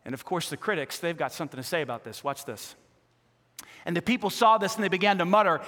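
Man, pastor, lively sermon, acts out quotes, slightly high voice, long hall reverb. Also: quick pace. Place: church sanctuary.

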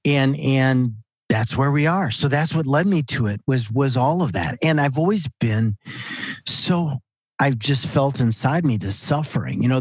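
Husky-voiced man telling vivid stories. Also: mid-range voice, dry recording. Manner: animated storyteller who acts out quoted dialogue. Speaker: guest, author and researcher. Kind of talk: storytelling in a podcast interview. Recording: slightly dull, dry sound.

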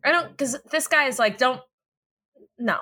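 In a casual chat recapping a TV episode, a woman co-host giggles and rambles, filling the talk with fillers and laughter. She speaks unhurriedly in a high voice that's sharp in tone and slightly rough.

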